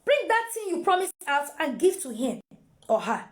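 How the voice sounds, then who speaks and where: Animated high-voiced Nigerian woman. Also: moderate pace. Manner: animated, repeats phrases, mixes in pidgin. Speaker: mother giving parenting advice. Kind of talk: casual advice talk to camera.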